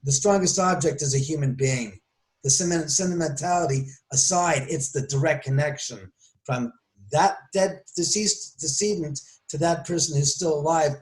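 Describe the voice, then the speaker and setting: Casting: man with a somewhat high voice, forceful and argumentative, podcast guest. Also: moderate pace, rough recording. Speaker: paranormal guest. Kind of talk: emphatic podcast talk.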